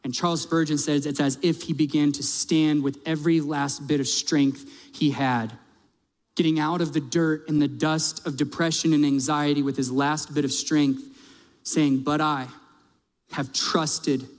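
A man's voice: fairly high pitch, steady tone, normal speed, darkish tone. A male pastor preaching a sermon in a conversational, emphatic way, asking his audience direct questions. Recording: long reverb of a large hall.

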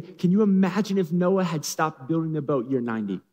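A man's voice: on the high side, lively intonation, brisk, dark tone. A man preaching a sermon as a pastor, with dramatic, humorous storytelling, in an echoey hall.

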